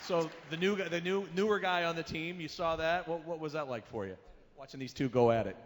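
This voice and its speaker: A man's voice: fairly high pitch, brisk, a faint crowd. A man moderating a fan panel, asking the panelists questions in a playful, teasing way. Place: stage in a large convention hall. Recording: reverberant convention hall.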